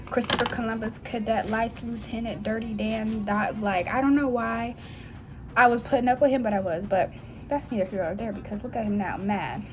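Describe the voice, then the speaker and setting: A woman's voice: on the high side, steady tone, moderate pace, a little hiss or hum. Profane ranting woman vlogger. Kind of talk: casual storytime vlog. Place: dim room at home.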